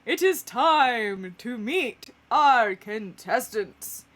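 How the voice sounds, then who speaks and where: A woman voicing a small fussy male groundhog announcer in a very high-pitched, squeaky voice, grandly addressing a crowd. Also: expressive, very slow, fairly bright tone, full character voice. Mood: announcing.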